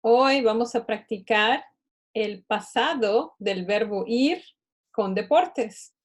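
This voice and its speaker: A woman teaching a Spanish lesson to children, switching between English and Spanish and modeling words slowly and clearly for the class to repeat. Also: on the high side.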